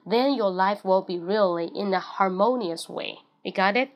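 A woman's voice: mid-range voice, normal speed, muffled recording. A woman whose first language is Chinese, hosting a casual bilingual livestream as an English teacher, mixing Chinese and English and spelling words out letter by letter.

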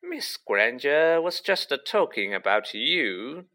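A man voicing a mischievous male poltergeist in an audiobook reading, with sly, drawn-out teasing. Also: on the high side, very animated, sharp tone, voice pushed up, exaggerated voice.

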